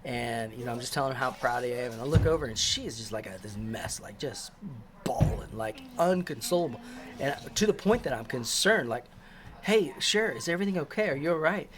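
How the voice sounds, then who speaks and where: A man's voice: mid-range voice, animated, brisk, few pauses, background noise. A man casually telling a personal church story, rambling with many fillers and restarts. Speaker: christian storyteller.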